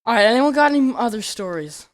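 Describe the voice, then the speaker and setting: A man's voice: very high voice, animated, fast. A teenage boy hosting a casual podcast with friends, laughing through his words and swearing casually. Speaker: podcast host.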